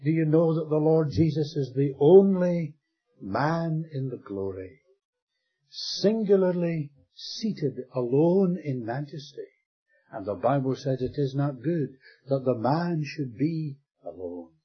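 An older man preaching a sermon with a very husky, breathy voice. He leans on dramatic pauses and sinks to a near-whisper on key words. The recording is dull and lo-fi. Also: a little high, lively intonation, soft background music.

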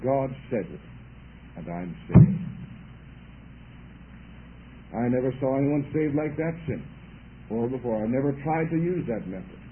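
A man preaching a sermon, talking emphatically and building up to loud exhortation. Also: medium pitch, animated, normal speed. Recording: tinny lo-fi radio broadcast.

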